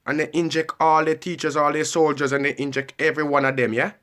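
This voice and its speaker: A man's voice: fairly high pitch, little pitch movement, fast talker, fairly bright tone. A man delivering a heated, repetitive ranting monologue and pressing the listener with questions. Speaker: vlogger.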